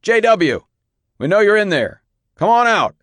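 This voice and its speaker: A man voicing a gruff male cop who shouts urgently and rasps from smoke. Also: on the high side, normal speed, no echo, studio quality, voice pushed up.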